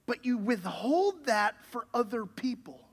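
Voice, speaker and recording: A man's voice: very high voice, very animated, unhurried. A man, the pastor, preaching a sermon in a conversational way and building to emphatic questions.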